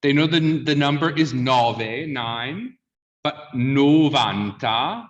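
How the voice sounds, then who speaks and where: A man with a fairly high, slightly bright voice teaches sung diction at an unhurried pace. He explains points, puts questions to the students, and keeps checking in with "yeah?". The audio is lo-fi, distant, and dull.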